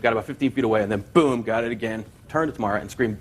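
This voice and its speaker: A man's voice: fairly low pitch, racing. A man testifying in a courtroom, telling a long story and acting out quotes. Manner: rambling storyteller, quoting with gusto. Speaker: plaintiff.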